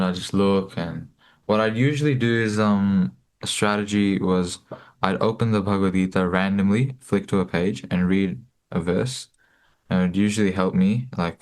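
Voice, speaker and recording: A man's voice: low voice, a little mellow. A young man in his late teens telling a personal story casually, with many fillers and restarts. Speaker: guest, book distributor.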